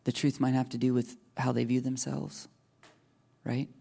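A man with a gravelly, dark voice delivers a sermon. His tone is earnest and tender, and he often sinks to hushed near-whispers. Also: medium pitch, little pitch movement, moderate pace. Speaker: pastor.

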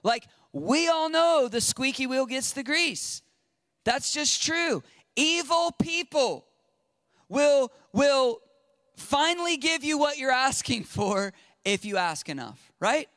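A man preaching a sermon in an animated way, acting out quotes and swinging from loud to hushed. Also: extremely high pitch, slow, no echo, clean studio sound. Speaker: pastor.

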